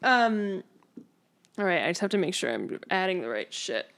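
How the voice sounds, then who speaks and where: A woman's voice: fairly low pitch, big pitch swings, moderate pace, a bit bright, slight background noise. A woman playing a tabletop game in casual chat, laughing and swearing as she adds up her dice rolls. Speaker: player.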